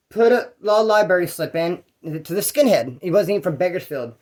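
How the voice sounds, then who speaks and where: A man's voice: high-pitched, fast, few pauses, a little mellow. A man from California telling his own prison stories in a rambling, slangy, profane way. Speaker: prison storyteller. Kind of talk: casual storytelling.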